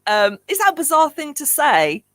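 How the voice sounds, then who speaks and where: A woman's voice: high voice, very animated, moderate pace, fairly bright tone, no echo, low-quality recording. A woman hosting a community radio show, chatting casually with a guest and laughing easily.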